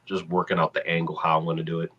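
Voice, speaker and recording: A man's voice: deep voice, completely flat delivery, very fast, sharp tone, slightly rough, muffled recording. A man of forty chatting casually, hesitant and goofy, with many fillers. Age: 40s. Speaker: podcast panelist.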